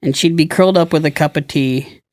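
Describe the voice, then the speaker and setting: A man's voice: a little high, fairly quick, darkish tone, dry recording, clean studio sound. A man co-hosting a podcast, musing in casual chat and often searching for words. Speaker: podcast co-host.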